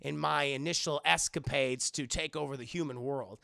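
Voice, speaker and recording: A scornful, arrogant little male demon, as a man acts him out talks down in a lowered, clipped voice. There is a heavy gravel in it, and the sound is dry and close. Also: fairly even intonation, normal speed, bright, forceful tone, no echo. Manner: low, contemptuous, clipped.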